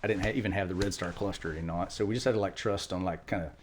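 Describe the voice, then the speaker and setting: A middle-aged man, a retired Marine, telling war stories quickly in an interview, acting out quotes. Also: low-pitched, a little hiss or hum. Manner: fast, animated war storytelling with acted quotes. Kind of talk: storytelling interview.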